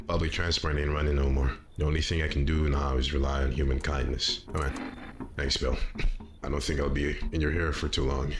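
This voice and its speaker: A man voicing a tired, burned firefighter who speaks in a subdued, halting way. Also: extremely low pitch, noisy background. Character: weary burned firefighter man, sole survivor.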